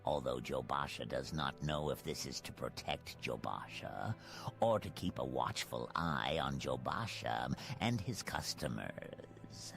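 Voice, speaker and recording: A man's voice: a bass voice, lively intonation, measured pace, gravelly, a bit bright, full character voice. A man voicing a wary, grave male cat-folk bookseller in a game who speaks of himself by name. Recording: game audio over music.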